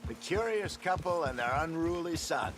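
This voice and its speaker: Brief: a man as a refined older con artist in a game; cultured, animated delivery. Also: fairly high pitch, moderate pace, music in the background, close to an everyday voice. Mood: wistful. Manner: refined, courteous.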